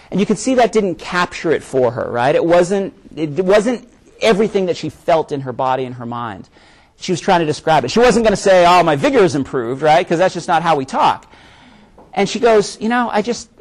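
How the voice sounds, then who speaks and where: A man giving a live presentation to an audience, speaking conversationally and often checking in with "right?" as he explains. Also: a little high. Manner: conversational, frequent "right?" tag questions; repeats words when restarting.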